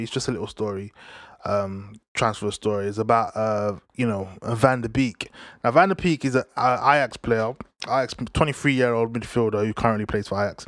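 A young man, chatting casually about football transfers in an animated, slangy way, talking straight to his viewers. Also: mid-range voice, no room sound, studio quality. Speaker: football vlogger.

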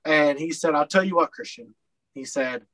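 A man's voice: on the high side, moderate pace, fairly bright tone, rough recording. A man from Colorado, a podcast guest telling his story in a candid, rambling way, with lots of fillers and blunt swearing. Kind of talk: casual storytelling interview.

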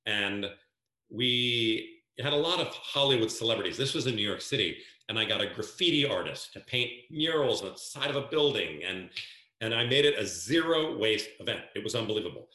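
A man from New Jersey, a guest telling stories in an animated way and acting out dialogue. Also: on the low side, fairly quick, echoey room. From New Jersey, USA. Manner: lively storyteller who acts out quoted dialogue. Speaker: guest, events planner. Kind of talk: animated storytelling.

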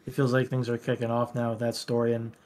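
A young man speaks as a guest on a casual gaming podcast. He pauses and restarts often, filling gaps with ums and uhs. His pitch is ordinary, in the middle range. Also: completely flat delivery, a little mellow. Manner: hesitant, many fillers.

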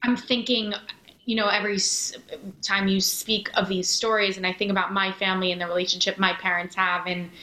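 A woman with a bright, forceful voice reflects aloud while interviewing someone. She searches for words and leans on fillers, and her voice echoes around a roomy space. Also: medium pitch, level tone, brisk. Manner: thoughtful, searching, filler-heavy. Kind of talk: reflective conversation. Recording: roomy echo.

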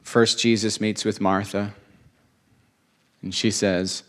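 Earnest low-voiced male preacher. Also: little pitch movement, slow, pauses often. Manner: earnest, emotional, repeats phrases for emphasis. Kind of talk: sermon.

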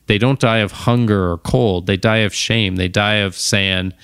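Guy doing a solo podcast, gravelly, dry close sound, chatty and rambly. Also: fairly low pitch, steady tone, normal speed, fairly bright tone, no room sound. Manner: conversational, wanders off into tangents. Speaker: podcast host. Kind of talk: casual solo monologue.

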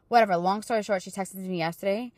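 Talking fast in a slightly mellow, medium-pitched voice, this faith-filled life coach in her thirties chats encouragingly on her podcast, growing emotional and fervent in praise. The audio has no room sound.

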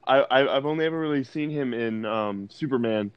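A man's voice: mid-range voice, fairly quick, smooth, dry recording, muffled recording. A man co-hosting a casual movie podcast who talks hesitantly, with many restarts. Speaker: podcast co-host. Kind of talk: casual movie review chat.

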